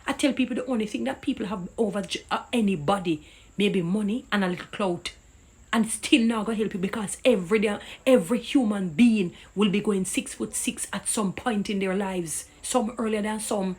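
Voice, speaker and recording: A commentator with a Jamaican accent, this woman speaks at a medium pitch, fairly quickly, with a slightly rough edge. Her opinion piece is an impassioned, indignant rant that preaches and quotes scripture.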